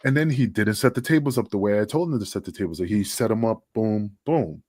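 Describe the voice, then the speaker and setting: A man's voice: fairly low pitch, expressive, fast talker, a little mellow, husky, no echo. A middle-aged man, a wrestling guest, telling a story in casual chat, acting out quotes and swearing freely.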